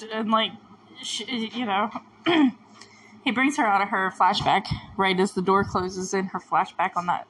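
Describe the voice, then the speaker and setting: A woman's voice: fairly high pitch, measured pace, fairly bright tone. A woman giving a casual, emotional reaction commentary, rambling with sighs and stammered restarts. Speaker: show reviewer.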